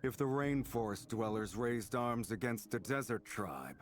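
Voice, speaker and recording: An actor playing a shrewd middle-aged desert tribe leader in a video game, gruff and measured. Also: male voice, medium pitch, animated, natural voice. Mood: warning.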